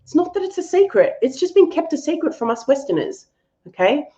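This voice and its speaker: A woman's voice: high voice, big pitch swings, fairly quick, mellow, lo-fi sound. A woman hosting a live-stream animal reading and answering viewers, affectionate and thinking aloud with fillers.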